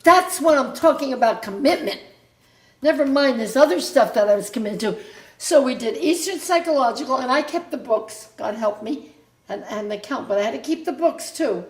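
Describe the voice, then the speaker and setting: An older woman with a high voice tells family stories to her grown child in a loose, meandering way, circling back and correcting herself as she goes. The sound is roomy and echoey, as if recorded in an open room at home. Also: lively intonation, normal speed. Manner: rambling, self-interrupting storyteller. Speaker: mother recounting family history. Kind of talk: casual family reminiscence.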